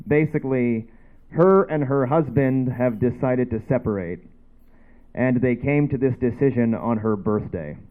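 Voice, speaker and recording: A man's voice: mid-range voice, a little slow. A man from Canada doing a loose, rambling stand-up set on a dive bar stage, full of offhand asides. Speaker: stand-up comedian. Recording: dull lo-fi bar recording.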